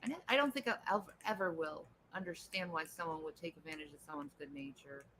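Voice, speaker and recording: A woman's voice: sits low, fast, a bit bright, slight background noise, low-quality recording. A woman chatting casually on a home livestream, answering viewer comments, laughing often and cooing at her pet.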